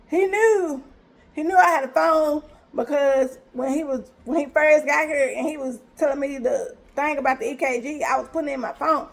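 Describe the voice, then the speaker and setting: Woman w a high voice telling a wild storytime, acts out all the lines. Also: a little fast. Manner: animated, retells scenes with quoted dialogue. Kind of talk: casual storytime vlog.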